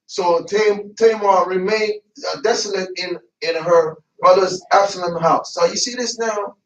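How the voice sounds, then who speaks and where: A man preaching a sermon in a church, lively and colloquial, laughing and breaking into asides. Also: sits high, unhurried, dull audio, slight background noise. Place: church sanctuary. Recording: echoey church, mic at a distance.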